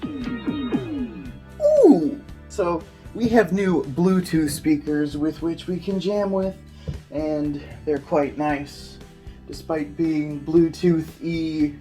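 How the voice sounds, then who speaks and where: Casting: young woman, low voice, teasing, laughing vlog co-host. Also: fairly even intonation, takes it slowly, dark tone, soft background music. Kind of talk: casual home vlog chat.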